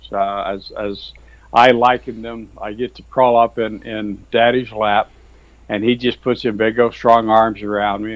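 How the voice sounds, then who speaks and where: Over a video call, a Christian author, appearing as a guest, gives an earnest testimony in casual chat, rambling folksily and saying "you know" and "sir" a lot. His voice is fairly low, and the recording is dry and muffled.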